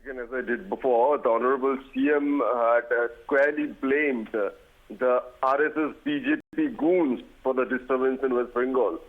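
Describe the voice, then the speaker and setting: A man's voice: mid-range voice, normal speed. Defensive male guest on a tinny line. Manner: defensive, formal. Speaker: panel guest. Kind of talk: remote TV debate rebuttal. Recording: tinny phone-like remote line.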